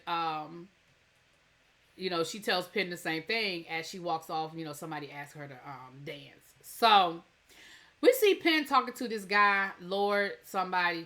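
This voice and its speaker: A woman's voice: medium pitch, pushed and bright. A woman hosting a TV review channel, recapping an episode in a chatty, rambling way with many fillers and restarts.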